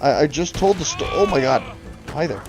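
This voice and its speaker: A man's voice: a little high, animated, a little fast, over music. Profane rambling male game streamer. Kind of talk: casual gaming chat.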